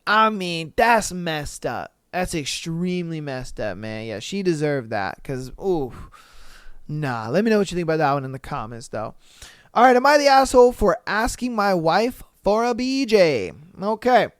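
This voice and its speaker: A man hosting a podcast, reading listener stories aloud and reacting with animated, profane, mock-outraged asides. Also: fairly high pitch, normal speed, clear, resonant tone, dry recording, studio quality. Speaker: podcast host.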